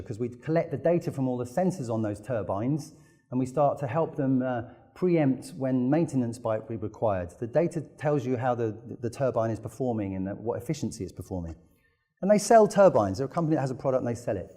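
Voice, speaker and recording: A man's voice: medium pitch, animated, brisk, warm tone. A man from the United Kingdom giving a business presentation, telling enthusiastic stories with lots of "you know" fillers. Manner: enthusiastic storytelling with frequent fillers. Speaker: conference speaker.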